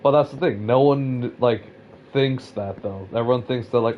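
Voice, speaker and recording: Young man, from California, low voice, rambling, self-mocking, casual gaming chat, dull lo-fi mic. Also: normal speed, a little hiss or hum. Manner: rambling, self-mocking, stammers when excited. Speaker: Minecraft player.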